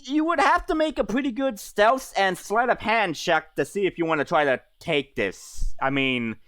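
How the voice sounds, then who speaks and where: A man's voice: high-pitched, expressive, moderate pace, sharp tone, no echo. A man running a tabletop game as game master, talking in a hesitant way with many fillers and restarts.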